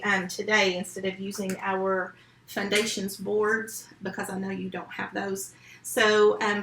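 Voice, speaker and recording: Slow, patient woman teaching phonics. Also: medium pitch, a bit bright, echoey room, rough recording. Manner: slow, patient step-by-step instruction. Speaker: first grade teacher. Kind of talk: remote phonics lesson.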